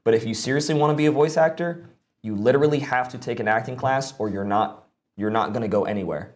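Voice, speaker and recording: A young man talks loosely on a live stream, peppering his advice with "like" and the odd curse. He sits close to a streaming mic, and his voice sits at an ordinary middle pitch. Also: fast talker. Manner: loose and profane, lots of "like" fillers. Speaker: streamer giving voice acting advice. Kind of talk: casual live-stream talk.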